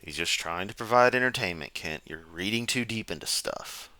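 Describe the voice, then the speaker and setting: A man's voice: fairly low pitch, animated, moderate pace, pushed and bright. A man giving sarcastic, rambling reaction commentary from a chair at home. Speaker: commentary streamer. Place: home room, seated.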